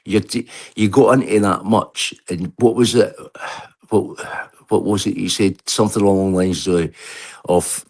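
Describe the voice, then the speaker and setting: A man with a fairly low voice speaks over a video call, heated and furious. He rambles, swears and restarts his sentences as he vents his grievances. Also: fairly even intonation, unhurried. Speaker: livestream guest. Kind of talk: heated casual rant.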